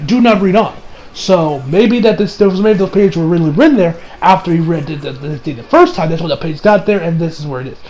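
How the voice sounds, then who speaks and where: A man's voice: on the high side, brisk, hardly any pauses, poor audio. A man hosting a casual anime episode recap, rambling with frequent restarts. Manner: animated, rambling, with frequent restarts and acted quotes. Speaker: anime reviewer.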